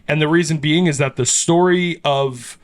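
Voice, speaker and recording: A man's voice: a little high, moderate pace. A man hosting a podcast, casually retelling an urban legend with swearing and frequent laughs. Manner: animated, swears, laughs often. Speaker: podcast host. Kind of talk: casual storytelling chat.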